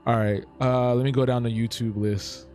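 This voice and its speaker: A man's voice: medium pitch, level tone, moderate pace, a little mellow, soft background music. A man streaming live while he draws cartoons, joking and reacting to his chat as he thinks aloud.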